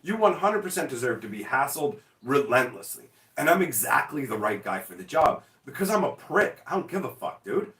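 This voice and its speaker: Casting: forty-something male streamer, bright edge, swearing and excitable, roomy sound set back from the mic. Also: mid-range voice, moderate pace, few pauses, far from the mic. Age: 40s. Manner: profane, excitable, self-mocking. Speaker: streamer answering chat. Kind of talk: casual livestream chat.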